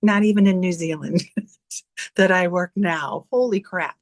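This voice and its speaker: A woman's voice: on the low side, a little slow. A woman on a video call, a team leader giving her team a blunt, emphatic motivational talk full of swearing. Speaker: team leader in direct sales.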